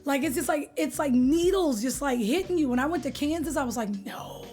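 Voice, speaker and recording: Chatting briskly with the viewers of her live stream, a young woman from California greets people by name in a high, bright voice. She's loose and playful, leaning heavily on slang, while soft music plays low in the background.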